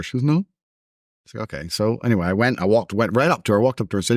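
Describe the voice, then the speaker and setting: A man's voice: fairly low pitch, fast, no room sound, studio quality. A man in a casual conversation, telling stories in a blunt, combative way. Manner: animated storytelling, blunt and combative. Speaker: interview host.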